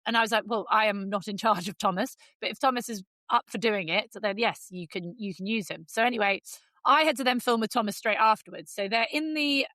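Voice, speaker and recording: A woman with an English accent, co-hosting a podcast and telling a story in casual, lively chat, jumping into high voices for quotes. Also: dry recording. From England. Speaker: podcast co-host.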